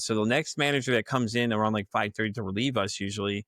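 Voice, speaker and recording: Speaking fast at medium pitch with hardly any pauses, this podcast guest spins a wild workplace tale in studio quality with no room sound. He swears freely, laughs a lot and animatedly voices the characters with abrupt jumps in pitch.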